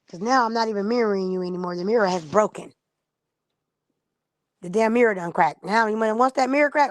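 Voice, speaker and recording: Woman streamer, blunt and profane, dry close sound, mid pitch. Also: a little fast, long pauses, dry recording. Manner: blunt, profane and animated, acts out quoted people. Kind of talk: casual live-stream monologue.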